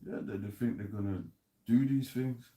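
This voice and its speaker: A man's voice: fairly low pitch, fairly even intonation, normal speed, dark tone. A man hosting a loose, laughing chat about scripture, in casual street slang. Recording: roomy echo.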